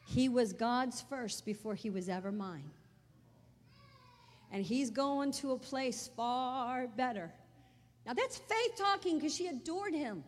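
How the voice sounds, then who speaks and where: A woman's voice: fairly high pitch, big-room sound. A woman preaching a sermon, telling an emotional personal story that swells into exclamations.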